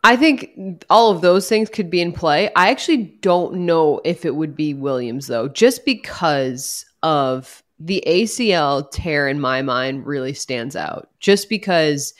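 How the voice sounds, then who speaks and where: A woman, a sports reporter, giving a careful, measured take in a casual panel chat. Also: low-pitched. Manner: measured, weighs pros and cons.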